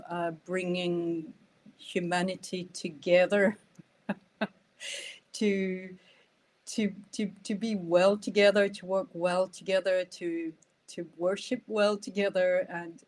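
A French-born woman speaks with a Scottish accent that carries traces of French and Irish. Her voice is fairly low and slightly mellow. She's a guest and nonviolent communication trainer in a casual conversation, hesitating, restarting and laughing often.

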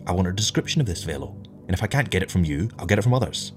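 A stern, skeptical spaceship captain, as a man reads him aloud, curt and commanding. His voice sits low and he brushes everyone off with clipped, dismissive orders. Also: lively intonation, fairly quick, over music. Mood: impatient.

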